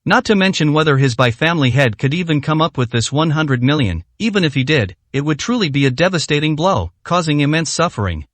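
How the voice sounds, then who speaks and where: A male storyteller reads a story in a steady, even way. His voice sits a little high, and the recording is dry and close, with no room sound. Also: brisk, few pauses, dry recording. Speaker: narrator. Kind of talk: audiobook story narration.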